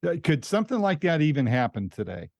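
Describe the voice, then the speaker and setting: A man hosting an interview, asking his questions in a relaxed, measured way. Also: on the high side, no room sound, clean studio sound. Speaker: interviewer, show host. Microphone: remote interview over the internet.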